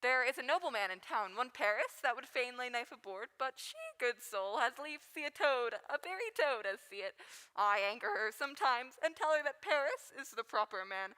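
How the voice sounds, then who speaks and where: A woman voicing a fussy old nurse from a Shakespeare stage reading, rambling and teasing as she grumbles. Her voice sits high and bright. It rings with a long reverb, as if in a hall. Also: sing-song, moderate pace, few pauses. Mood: gossiping. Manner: rambling, complaining, chuckling. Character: garrulous older female nurse, fussy and teasing. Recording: long reverb on live stream.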